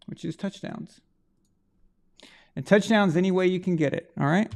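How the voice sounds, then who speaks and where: A man with a fairly high, gravelly voice, hosting a live stream. He rambles in a loose, chatty way and talks straight to the people watching as he runs a draw. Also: moderate pace, long pauses, darkish tone. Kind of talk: casual live stream chat, running a prize draw.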